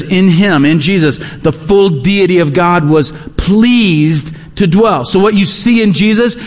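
A man's voice: high-pitched, in a large hall. A man preaching a sermon as pastor, emphatic and repeating his key phrases.

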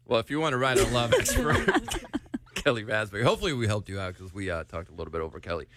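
A man's voice: on the low side, huge pitch swings, quick pace, heavy background noise. A man hosting a morning radio show, upbeat and teasing his co-hosts. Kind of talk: casual chat.

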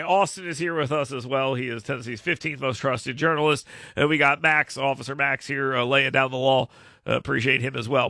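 In a casual chat with his co-hosts, a radio show host in his thirties tells rambling, self-mocking stories. His mid-range voice is creaky, pushed and bright, captured in studio quality with no echo.

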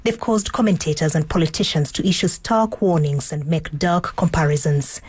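A woman's voice: deep voice, moderate pace, a little mellow, slightly rough. A female radio presenter introducing stories live in a composed manner.

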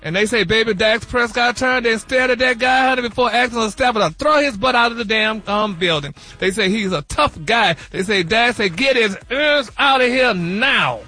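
A man's voice: sits high, fairly quick, hardly any pauses, bright, forceful tone, faint music behind. A man delivering celebrity gossip on a radio morning show in a flamboyant, sassy manner, calling everyone honey. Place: radio studio.

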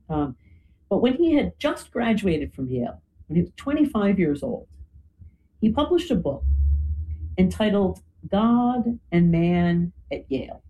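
A woman's voice: fairly low pitch, dark tone, slight background noise, poor audio. A woman explaining history in a conversational talk, often adding "you know" and "right?". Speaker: guest speaker.

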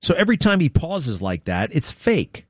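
A man's voice: fairly high pitch, wildly swooping pitch, normal speed, slightly rough, no room sound, clean studio sound. A man hosting a talk radio show, rambling through opinionated commentary with mocking, sarcastic asides.

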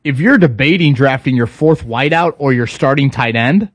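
A man's voice: medium pitch, moderate pace, no echo. A man co-hosting a casual sports talk show, speaking conversationally with frequent fillers and restarts. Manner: conversational, stop-start with fillers. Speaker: sports radio co-host.

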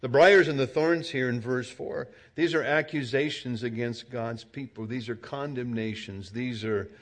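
A male pastor at mid pitch delivering a sermon. He talks casually, with fillers and restarts, and acts out small scenes in quoted voices. His delivery climbs to loud, impassioned preaching and then sinks to quiet, earnest tones. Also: normal speed.

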